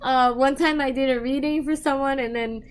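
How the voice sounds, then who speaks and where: A young adult woman giving psychic readings on a live stream, chatting casually with viewers, emotional and quick to laugh. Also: high-pitched, steady tone. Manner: emotional, chatty, laughs often, self-deprecating.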